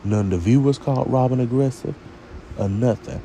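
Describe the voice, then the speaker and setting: A man's voice: mid-range voice, brisk, mellow, slight background noise. A man reviewing a TV show in a sassy, opinionated rant, talking straight to his viewers.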